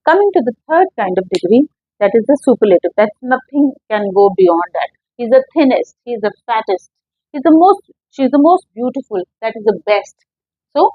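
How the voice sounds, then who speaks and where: Patient female English teacher, higher voice, dry lo-fi classroom-lesson recording. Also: breathy edge, dry recording. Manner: patient, explains step by step with questions to students.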